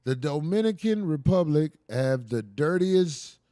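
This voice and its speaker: Man, high voice, profane teasing banter, podcast host. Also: animated, unhurried, warm tone, no room sound, clean studio sound. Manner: loose, profane, teasing storytelling with heavy slang. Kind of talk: casual comedic banter.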